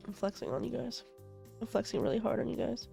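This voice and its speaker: A playful woman streamer chatting casually over her gameplay, her voice sitting a bit higher than most. She reacts aloud and swears easily. Faint game music hums behind her. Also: steady tone, quick pace, creaky, warm tone.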